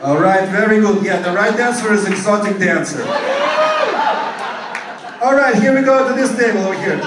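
High-voiced Russian-accented party MC. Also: male voice, very echoey, recorded from a distance, noisy background. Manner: jokey, playful, switches between English and Russian. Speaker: party MC running a trivia game. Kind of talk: party hosting, quiz questions to guests. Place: banquet room at a hotel party.

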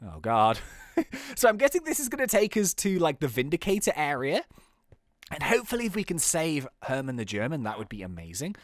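A man hosting a game video, excitably playing and commenting, with frequent exclamations and laughs. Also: fairly high pitch, a little fast, no room sound, studio quality.

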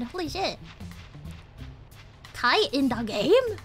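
A playful young woman giving live commentary on a cozy game, laughing often and dropping slang. Her voice is high and bright, and it leaps around a lot. Faint music plays underneath. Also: big pitch swings, takes it slowly, pauses often. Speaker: streamer.

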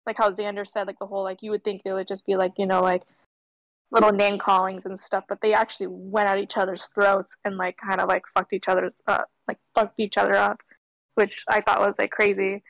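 A woman's voice: mid-range voice, little pitch movement, a little fast, creaky, no echo, poor audio. A young woman co-hosting a film podcast, talking hesitantly with many fillers. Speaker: podcast co-host. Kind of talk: casual film discussion.

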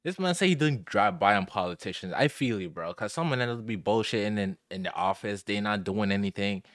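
A man's voice: fairly low pitch, lively intonation, brisk, fairly bright tone, dry recording, studio quality. A young man hosting a music reaction, talking in casual slang and exclaiming in surprise as he listens. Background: song playing.

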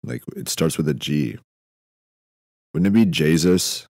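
A young man hosting a podcast, rambling through a comedic monologue in a meandering, deadpan way, often stopping himself mid-thought. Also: very deep voice, a little slow, dry recording, studio quality. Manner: meandering, self-interrupting, deadpan musing with frequent fillers. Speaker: podcast host.

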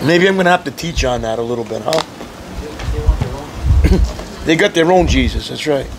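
A man preaching a sermon in a conversational, teasing way, often clearing his throat. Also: medium pitch, lively intonation, normal speed, noisy background. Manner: conversational preaching with mocking quoted voices. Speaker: pastor.

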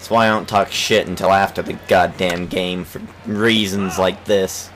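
A young man giving let's play commentary on a baseball game, swearing and shouting in frustration at his team. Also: low voice, fairly even intonation, moderate pace, a little hiss or hum, rough recording. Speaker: gaming channel host.

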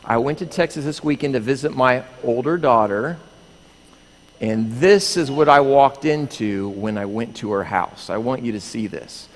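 A man's voice: mid-range voice, normal speed. A middle-aged man, a pastor, telling a playful children's story in a church sanctuary and acting out screams as he goes. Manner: animated, playful storyteller who acts out screams. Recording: echoey hall with faint room noise.

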